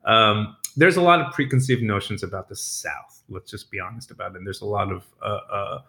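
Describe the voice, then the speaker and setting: A chef from New York telling stories in a casual interview, animated and laughing, with frequent restarts. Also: male voice, on the low side, a little fast.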